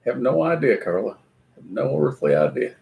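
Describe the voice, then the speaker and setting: A middle-aged man with a Kentucky accent and a hoarse voice, hosting a live stream, chatting and joking as he reads viewer comments. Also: medium pitch, very animated, normal speed, a little mellow, a little hiss or hum. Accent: Southern US, Kentucky. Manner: chatty, joking, laughs often. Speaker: livestream host. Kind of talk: casual live chat reading viewer comments.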